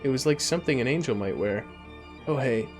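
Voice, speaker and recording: A man's voice: medium pitch, lively intonation, quick pace. A man streaming live, reading a game's story aloud and chatting casually between the lines. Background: game music.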